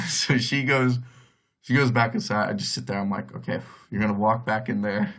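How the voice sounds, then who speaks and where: A man's voice: fairly low pitch, steady tone, normal speed, fairly bright tone. A young man telling a long personal story on his podcast in a casual, rambling way, filling gaps with "like" and acting out what others said. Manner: rambling, heavy on "like", acts out others' voices. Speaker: podcast host.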